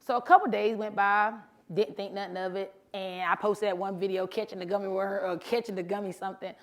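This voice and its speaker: A woman who drives trucks, telling her story in a bubbly, animated motivational speech to a live audience and talking casually to the crowd. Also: mid-range voice, brisk. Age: adult, mother of sons. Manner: casual, chatty, addresses crowd as honey and y'all. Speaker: truck driver and social media creator. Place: live event before an audience.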